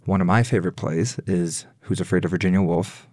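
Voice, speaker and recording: Low-voiced male interviewer. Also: a little fast, dry recording, clean studio sound. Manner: relaxed, short affirmations. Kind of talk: radio arts interview.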